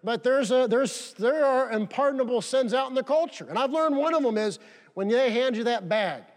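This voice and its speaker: A man's voice: extremely high pitch, animated, moderate pace. A male pastor preaching a sermon, emphatic and fond of repeating key phrases for stress. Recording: long reverb of a large hall.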